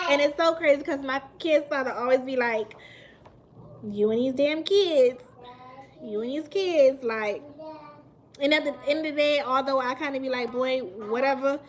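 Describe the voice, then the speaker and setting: A woman, chatting casually with viewers on a live stream, animated and emphatic and laughing often. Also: high-pitched, slight background noise. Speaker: mukbang livestream host.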